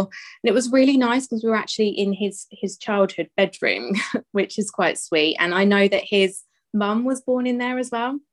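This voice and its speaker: A young adult woman telling her birth story as an interview guest, calm and reflective, laughing now and then and repeating words as she recalls events. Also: on the low side.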